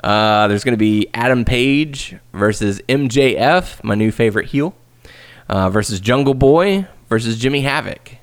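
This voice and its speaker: A man's voice: mid-range voice, moderate pace. A man co-hosting a casual podcast, reading out a match list, joking and laughing, a little tipsy from drinking. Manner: gravelly, lively, laughs and jokes. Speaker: podcast co-host. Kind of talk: casual chat, reading out a wrestling card.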